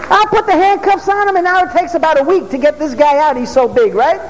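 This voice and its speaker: Brief: excitable New street preacher, man, high voice, shouts and amens, echoing hall. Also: fast, background noise. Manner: excitable, bursts into shouts, asks the crowd for amens. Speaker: preacher, former police officer. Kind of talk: storytelling sermon.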